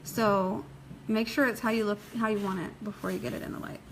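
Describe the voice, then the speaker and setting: A woman giving a casual live nail-art tutorial, chatty and quick to laugh, often checking in with "okay?" as she works. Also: medium pitch, fairly even intonation, a little hiss or hum, low-quality recording. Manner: chatty, laughs easily, reads viewer comments aloud. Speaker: nail technician teaching a live demo.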